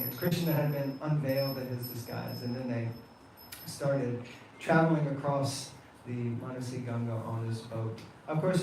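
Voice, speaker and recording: A man telling a devotional story to a temple gathering in an animated, laughing way. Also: medium pitch. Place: temple hall. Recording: echoey hall, distant mic, faint noise.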